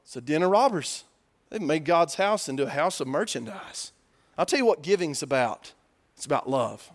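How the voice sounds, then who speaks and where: A man preaching a sermon in a conversational way, asking the congregation questions and swinging between loud emphatic bursts and low, quiet stretches. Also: expressive, moderate pace.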